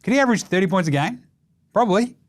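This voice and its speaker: Australian male host, slightly high voice, blunt and profane, casual sports rant. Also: animated, fast talker. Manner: gets loud and high when ranting. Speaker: basketball show host.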